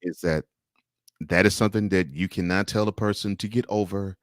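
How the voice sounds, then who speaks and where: A man hosting an interview who speaks calmly and reflectively, offering support to his guest. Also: low-pitched, a little fast, no room sound, studio quality. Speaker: interview host. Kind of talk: interview conversation.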